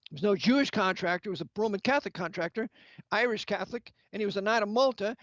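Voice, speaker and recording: A man's voice: high voice, fast talker, a bit bright, dry recording. A man delivering an impassioned sermon-style lecture, angry and emphatic, firing rhetorical questions at the listener. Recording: dull, lo-fi, dry sound.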